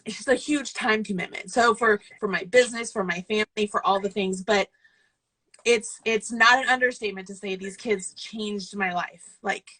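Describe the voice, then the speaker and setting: Bright-voiced emotional woman. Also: medium pitch, moderate pace, poor audio. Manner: emotional, tearful, rambling. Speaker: guest host, yarn business owner and throwing coach. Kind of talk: casual video chat.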